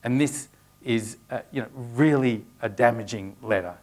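A man's voice: mid-range voice, moderate pace, a little mellow. A man preaching a sermon, earnest, with frequent restarts as he works through a scripture passage.

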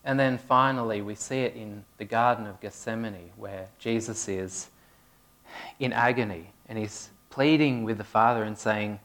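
A man's voice: on the low side, moderate pace, a bit bright. A man giving a conversational sermon, asking his congregation questions as he goes. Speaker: preacher. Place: church hall with a congregation.

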